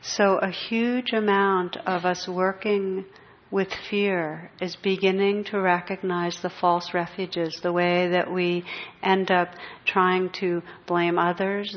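Woman meditation teacher, lowish voice, gentle pacing, dull muffled recording. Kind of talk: spiritual talk.

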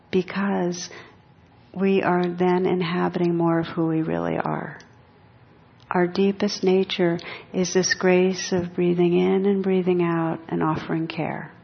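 A woman meditation teacher giving a gentle, reflective dharma talk. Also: lowish voice, vocal fry. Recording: dull lo-fi recording.

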